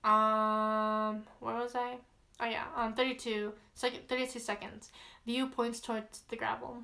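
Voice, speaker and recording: Chatty woman, slightly high voice. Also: flat delivery, measured pace, vocal fry, bright, forceful tone. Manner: chatty, easily spooked, many fillers. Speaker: vlogger. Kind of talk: casual read-aloud of a horror log.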